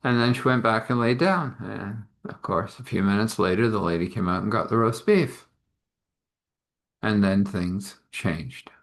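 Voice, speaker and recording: A man's voice: fairly low pitch, measured pace. A man narrating an improvised story in a casual, rambling way, full of chatty asides.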